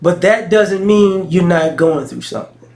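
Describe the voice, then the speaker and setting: A man with a notably high speaking voice talks straight to his audience in a casual vlog. He tells stories in a frank, slangy way, often stopping and restarting mid-thought. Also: animated, unhurried, vocal fry, a little mellow. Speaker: vlogger. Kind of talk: casual talking-head monologue.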